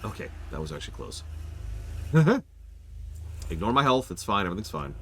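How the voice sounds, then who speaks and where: A man live-streaming a game review, talking casually in a chatty, rambling, self-mocking way with quick asides. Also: fairly low pitch, sing-song, a little hiss or hum.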